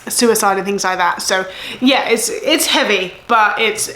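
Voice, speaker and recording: A woman's voice: mid-range voice, unhurried, bright, forceful tone, roomy sound. A woman in her thirties with an English accent, chatting casually about her month of reading, rambling and correcting herself as she goes. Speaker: book vlogger. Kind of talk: casual chat.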